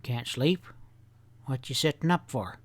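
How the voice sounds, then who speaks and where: A man voicing a gruff, teasing old mountain grandfather with a scoffing folksy drawl. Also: mid-range voice, lively intonation, a little slow, no echo. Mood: sleepy, gruff.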